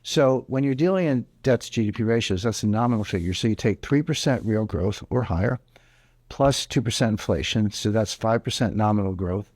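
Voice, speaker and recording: Lowish and a little mellow, this man's voice moves fairly quickly in a studio-quality recording with no echo. As an interview guest discussing economics, he explains things emphatically and drives his main points home.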